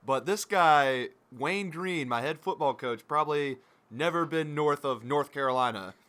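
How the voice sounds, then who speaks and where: A man's voice: a little high, unhurried, a bit bright. A man guesting on a joking sports commentary, offhand and wry as he banters and tells stories.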